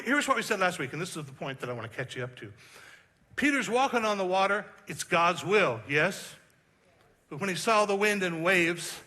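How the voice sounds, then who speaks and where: A man preaching a sermon as pastor, animated and joking with the congregation, slowing down for emphasis. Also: high-pitched. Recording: hall reverb.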